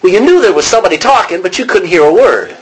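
A man's voice: high voice, quick pace, slight background noise, poor audio. A man teaching an informal Bible study, asking the class questions and acting out the lines he quotes. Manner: animated, acts out quotes, asks the class questions.

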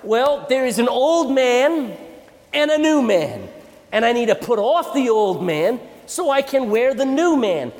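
Preacher: male, high and very lively voice, quizzes the kids, long hall reverb. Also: a little slow. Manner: animated, asks the audience questions. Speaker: preacher teaching children. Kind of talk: sermon.

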